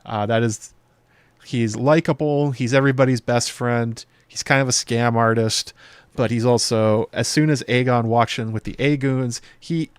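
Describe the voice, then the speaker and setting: A man's voice: mid-range voice, steady tone, smooth, no room sound. Chatty man doing a dry casual breakdown. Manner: chatty, loose, with many fillers and quick playful impressions. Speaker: video show host. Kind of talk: casual episode breakdown commentary.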